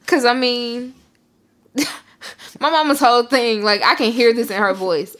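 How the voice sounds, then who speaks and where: A young woman co-hosting a podcast, telling stories in a profane, animated way and breaking into shouted outbursts. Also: fairly high pitch, unhurried, long pauses. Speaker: podcast co-host. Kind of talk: casual chat.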